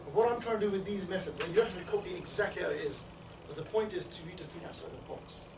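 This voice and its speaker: A man with a fairly high voice coaches a group of trainees, rattling through his points quickly and tossing in "yeah?" and "right?" to keep them with him. He was recorded in an echoey indoor room from some distance away, with a faint hum of ambience behind him. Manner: rapid, chatty, keeps checking in with "yeah?" and "right?". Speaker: street outreach trainer. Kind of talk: instructional group talk.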